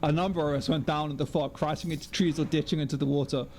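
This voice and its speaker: A man reading out the lines of a grim, grizzled soldier in a game, in a low, steady voice. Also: fast, slight background noise, close to an everyday voice. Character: grizzled male soldier, grim survivor by a campfire.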